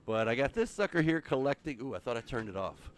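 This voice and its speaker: A man's voice: medium pitch, lively intonation, fast. An older man hosting a casual game livestream while walking on a treadmill, out of breath, rambling and thinking aloud to his viewers. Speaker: Minecraft livestream host. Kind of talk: casual gameplay livestream chat.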